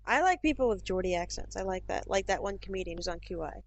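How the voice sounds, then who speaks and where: A chatty woman co-hosting a podcast, talking loosely and rambling from one thought to the next. Her voice sits at a middling pitch. The recording sounds dull and lo-fi. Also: animated, fast. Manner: chatty, rambling, with many fillers. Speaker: podcast co-host. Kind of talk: casual chat.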